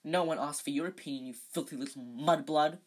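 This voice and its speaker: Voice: medium pitch, fairly quick, natural voice. A reader doing a smug sneering schoolboy wizard. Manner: smooth and sneering.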